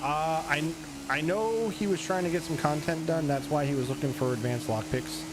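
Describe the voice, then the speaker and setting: A man's voice: on the high side, normal speed, very noisy. A man streaming a roleplay game, chatting casually and talking to himself as he plays. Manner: rambling, talks to himself while playing. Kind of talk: casual gameplay commentary.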